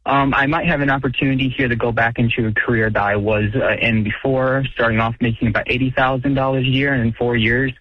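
A man's voice: mid-range voice, fairly even intonation, quick pace, few pauses, no room sound. A man in his twenties calling in to an advice show, laying out his situation earnestly. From Michigan, USA. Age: 20s. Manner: earnest, lays out his numbers. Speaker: caller. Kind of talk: call-in question. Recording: dull phone-line sound.

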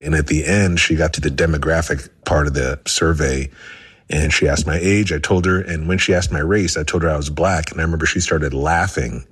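A man who grew up in the United States calls in to a show and tells a personal story in a calm, measured way. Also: very deep voice, breathy edge. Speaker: caller.

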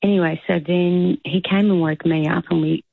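A woman's voice: on the low side, fairly even intonation, moderate pace, creaky, breathy edge, no room sound. A woman calling in to a radio show, telling a story in a chatty, emotional way. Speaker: caller. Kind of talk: phone-in call to radio. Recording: tinny phone line.

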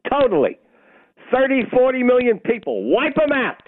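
A man's voice: very high-pitched, big pitch swings, moderate pace, dry recording. Blunt man on a tinny phone line. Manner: blunt, insistent, interrupts the host. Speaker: caller. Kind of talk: call-in radio caller.

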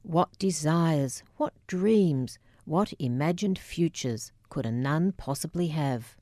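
A woman narrating her memoir in a measured, deliberate, wry way. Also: deep voice, lively intonation, mellow, dry recording, studio quality.

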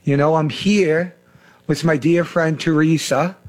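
A man's voice: fairly high pitch, fairly even intonation, measured pace. A man hosting a faith talk, preaching fervently about salvation and healing. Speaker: host.

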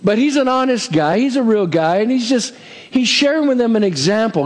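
A middle-aged man preaching a sermon as pastor, emphatic and lively, with touches of humor. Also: sits high, moderate pace, long reverb tail.

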